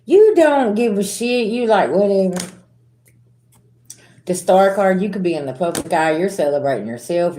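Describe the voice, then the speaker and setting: A woman's voice: low-pitched, dark tone, reverberant, a little hiss or hum. A woman giving a casual tarot reading to her viewers, talking bluntly with sass, slang and swearing. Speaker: tarot reader.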